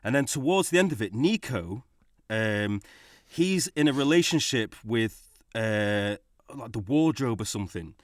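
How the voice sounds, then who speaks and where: A man's voice: medium pitch, expressive, a little slow, hardly any pauses, no echo, clean studio sound. A man co-hosting a podcast, telling stories animatedly and laughing often. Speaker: podcast co-host. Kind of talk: casual podcast chat.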